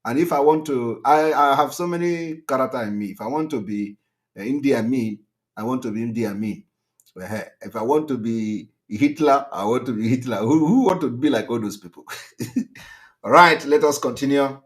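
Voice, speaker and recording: A man's voice: medium pitch, moderate pace. A man hosting a live call-in show, laughing often and talking with many fillers. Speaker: host.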